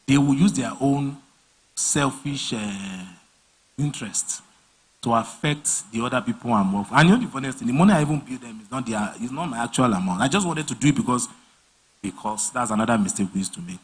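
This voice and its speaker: A design trainer with a husky voice at an ordinary middle pitch for a man gives a loose, live-class talk at a brisk pace. He's an animated storyteller who dives into anecdotes, acting out clients and bosses with lively swings of pitch.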